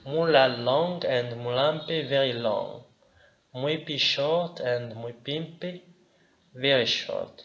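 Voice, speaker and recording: A man teaching a language lesson, slowly saying each example word and repeating it. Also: medium pitch. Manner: slow and deliberate, repeating example words. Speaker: language tutor. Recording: dull lo-fi sound with faint ambient noise.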